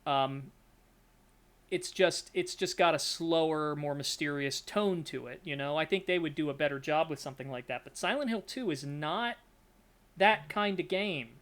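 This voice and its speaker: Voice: medium pitch, moderate pace, fairly bright tone. A podcast co-host chatting casually, rambling and searching for words. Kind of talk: casual chat.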